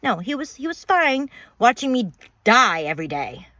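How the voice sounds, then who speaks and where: A woman's voice: a little high, very animated, moderate pace, bright, forceful tone, no echo. A woman telling her own story of betrayal in a bitter, emphatic way, repeating words and swearing. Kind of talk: personal storytelling monologue.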